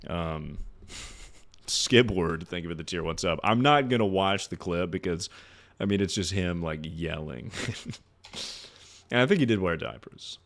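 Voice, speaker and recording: Young male streamer, slightly low voice, loose and profane, laughs through his advice. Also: unhurried, long pauses, fairly bright tone. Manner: rambling, profane, laughs often. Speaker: streamer giving advice to chat. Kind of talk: casual livestream chat.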